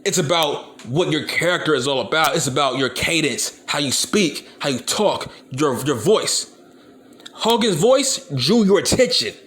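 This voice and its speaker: Channel host, young man, blunt and profane, lively higher voice. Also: measured pace. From Compton, California. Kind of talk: ranting commentary video.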